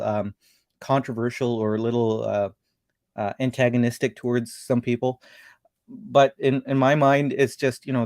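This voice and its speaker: A man's voice: medium pitch, a little mellow, dry recording, clean studio sound. A man hosting a casual livestream chat, rambling and thinking aloud as he talks. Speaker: show host.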